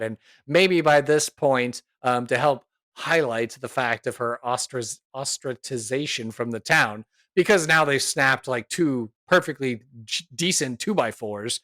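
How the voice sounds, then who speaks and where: A man's voice: medium pitch, a little slow, hardly any pauses, pushed and bright, dry recording. A man hosting a tabletop role-play podcast, narrating his character in a loose, rambling way. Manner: rambling, many fillers, chuckles. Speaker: podcast host and player.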